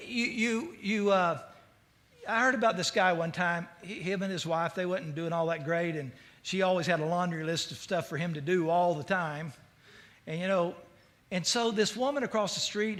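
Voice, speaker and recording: A male pastor preaching a sermon in an energetic, conversational storytelling way. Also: high voice.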